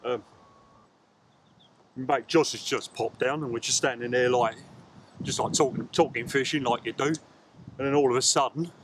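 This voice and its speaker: A man's voice: mid-range voice, steady tone, moderate pace, long pauses, noisy background. A man chatting casually to camera as he fishes by a lake, explaining his tackle as he goes. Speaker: angler vlogger. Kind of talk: casual outdoor fishing vlog. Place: outdoors by a lake.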